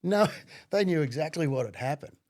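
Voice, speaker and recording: A middle-aged man, a podcast guest telling his story bluntly, with plenty of swearing and halting fillers. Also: fairly high pitch, lively intonation, a little mellow, no room sound, studio quality. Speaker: podcast guest, former undercover cop. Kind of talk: casual conversational storytelling.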